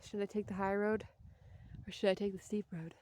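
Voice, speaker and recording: A woman's voice: mid-range voice, little pitch movement, brisk, darkish tone, slight background noise. A young woman vlogging casually while out walking, chatty and rambling, and out of breath. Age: young adult. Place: outdoors on a walk.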